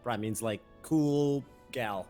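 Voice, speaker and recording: A man co-hosting a casual streamed chat show, chatty and quick to laugh, with lots of fillers. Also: medium pitch, darkish tone, faint music behind. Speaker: co-host.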